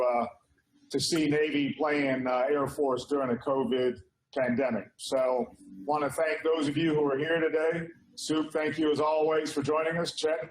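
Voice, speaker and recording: A man's voice: fairly high pitch, reverberant, a little hiss or hum, rough recording. A man in his sixties, president of an alumni association, giving a casual, upbeat welcome address with frequent fillers. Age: 60s. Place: indoor hall.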